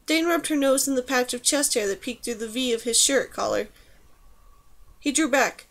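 A woman narrates an audiobook in a steady, even reading voice. Her pitch sits a little high for a woman. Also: fairly quick. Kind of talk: scripted narration.

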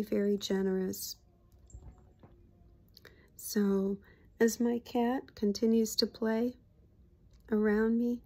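A woman hypnotherapist giving a casual spiritual reflection, soft-spoken and heartfelt, sometimes sinking into hushed murmurs. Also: mid-range voice.

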